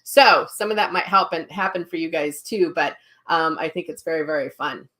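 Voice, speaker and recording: A woman's voice: low voice, moderate pace, fairly bright tone. Middle-aged woman, live-stream host, chatty storyteller who reads comments aloud, webcam mic. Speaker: psychic medium hosting a live stream. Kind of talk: casual live-stream chat.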